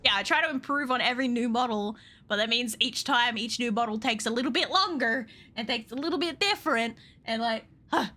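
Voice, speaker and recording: A young woman streaming casually, excitable and laughing often, swearing freely as she chats with viewers. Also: a little high, brisk. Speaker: VTuber streamer. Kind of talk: casual live-stream chat.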